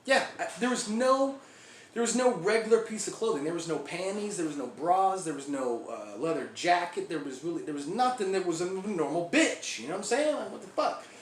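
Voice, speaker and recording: A man's voice: sits high, animated, brisk. A man doing a foul-mouthed rambling biker. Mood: crude ranting. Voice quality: profane, rambling storyteller. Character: crude foul-mouthed male biker gang member. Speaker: actor performing a monologue. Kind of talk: comic acted monologue. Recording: echoey room, faint background hiss.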